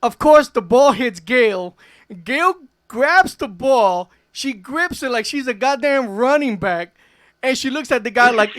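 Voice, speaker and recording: A man hosting a radio interview, telling stories in an animated way, laughing often and swearing casually. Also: very high-pitched, measured pace. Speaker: radio host.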